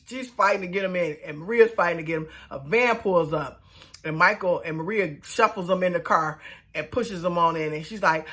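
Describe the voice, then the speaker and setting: A young woman casually recapping a reality show, slangy and sassy, acting out quotes in loud high voices.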